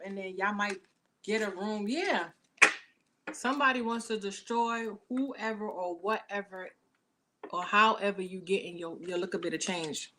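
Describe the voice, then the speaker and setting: A woman's voice: mid-range voice, very noisy. A woman giving a casual tarot reading to camera, talking in blunt, slangy, profane chatter into the camera mic. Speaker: tarot reader.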